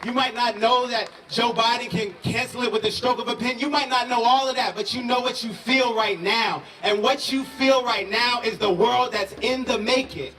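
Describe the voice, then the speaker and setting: A man's voice: very high voice, steady tone, moderate pace, few pauses, pushed and bright. A man giving a rousing, repetitive, preacher-like speech at an outdoor protest rally. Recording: distant echoey outdoor crowd recording.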